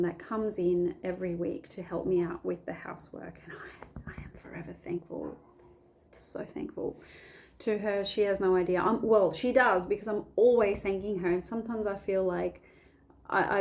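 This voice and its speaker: Woman rambling casually at home, warm mellow tone, keeps restarting her sentences. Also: fairly low pitch, a little hiss or hum. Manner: rambling, self-interrupting, many restarts. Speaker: faith vlogger. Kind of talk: casual reflective chat on a Bible story.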